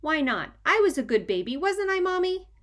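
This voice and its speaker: A woman's voice: extremely high pitch, very animated, normal speed, fairly bright tone, voice pushed up, heavily acted. A woman voicing a bratty, playful four-year-old boy in a storybook reading, with a sing-song, silly manner. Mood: eager.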